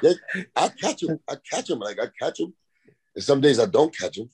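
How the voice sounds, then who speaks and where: A man's voice: mid-range voice, normal speed, husky. A man, a rapper and podcast guest, telling rambling, profane stories in a casual chat. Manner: rambling, profane, animated anecdotes.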